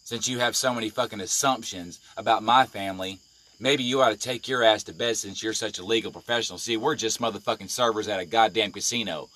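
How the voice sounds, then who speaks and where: A man delivers a heated live-video rant, swearing at almost every turn. His voice sits low and pushes forward with a hard, tense edge. He stays confrontational throughout. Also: brisk, fairly bright tone. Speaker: live-stream vlogger.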